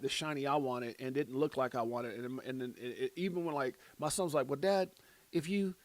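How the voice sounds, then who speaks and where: A man's voice: on the high side, no echo. A middle-aged man rambling through a casual livestream chat, telling stories with lots of fillers. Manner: rambling, many fillers, tells anecdotes. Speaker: crypto livestream host. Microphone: phone and smart glasses.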